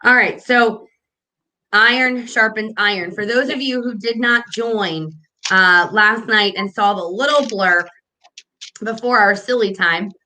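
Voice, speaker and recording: Bright-voiced chatty woman hosting. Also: medium pitch, measured pace. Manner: chatty, rambling with many fillers and restarts. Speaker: morning show host. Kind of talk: casual livestream chat.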